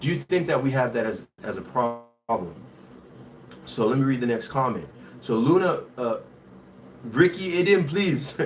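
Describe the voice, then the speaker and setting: A young man hosting a casual livestream, reading viewer comments aloud and mixing in Haitian Creole. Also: mid-range voice. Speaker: livestream host. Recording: faint background noise, somewhat distant from mic.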